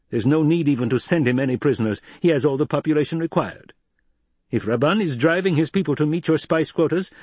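A man's voice: a little high, darkish tone, husky, dry recording, pitched above the performer's own voice. A man voicing an old male soldier spy and adviser, speaking in a clipped, insistent, lecturing way in a storybook reading.

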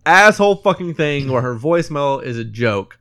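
A man co-hosting a film podcast, casually retelling the plot in an animated way, swearing freely and acting out the characters' lines. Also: on the high side, moderate pace. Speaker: podcast co-host reviewing a film.

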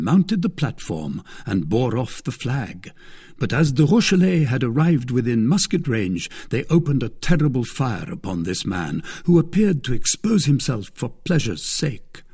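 A man narrating an audiobook in an expressive, animated reading. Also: mid-range voice, husky.

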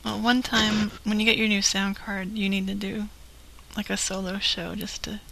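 Giggly woman with a bright, creaky voice. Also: mid-range voice, little pitch movement, moderate pace, a little hiss or hum. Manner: giggly, easygoing. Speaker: co-host. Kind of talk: casual chat.

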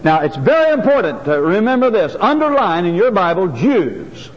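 A man's voice: high-pitched, sing-song, fairly quick, long reverb tail, muffled recording. An older man preaching a sermon, earnestly repeating key phrases for emphasis. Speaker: pastor. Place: church sanctuary.

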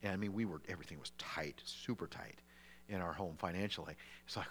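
Low-voiced pastor man in a reverberant hall. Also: fairly quick, slight background noise. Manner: conversational, animated asides, repeats words when restarting. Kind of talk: sermon. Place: church sanctuary. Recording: long reverb of a large hall.

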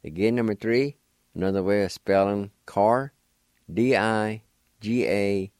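A man's voice: fairly low pitch, a little mellow, dry recording, clean studio sound. A middle-aged man, teaching vocabulary on the radio and spelling each word out letter by letter. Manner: spells out words letter by letter, unhurried. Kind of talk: slow, deliberate language lesson.

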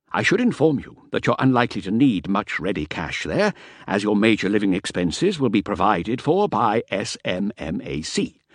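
A man's voice: on the low side, no echo, clean studio sound, pitched above the performer's own voice. A man voicing a fussy, compulsively tidy paymaster who speaks in precise, formal phrases.

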